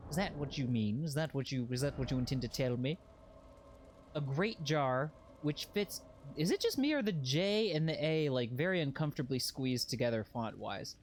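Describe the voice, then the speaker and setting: Man, streamer, casual gameplay commentary, jokey, repeats phrases, fairly high voice. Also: animated, moderate pace, long pauses, slight background noise.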